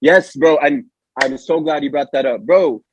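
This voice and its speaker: A young American man hosting a casual podcast, slangy and animated, calling his guest "bro" all the time. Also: on the high side, moderate pace, a little hiss or hum. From Allentown, Pennsylvania, USA. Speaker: podcast host. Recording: slightly dull, dry lo-fi recording.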